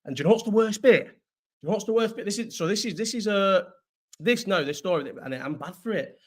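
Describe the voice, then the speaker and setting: A man's voice: high voice, lively intonation, fast talker. A young man chatting casually on a livestream, rambling and swearing, with a sore throat. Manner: rambling, sweary, restarts often. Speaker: host.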